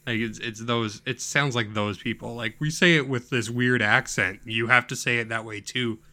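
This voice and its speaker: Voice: medium pitch, fairly even intonation, moderate pace, pushed and bright. A podcast co-host in casual chat, teasing and bantering in a dry way.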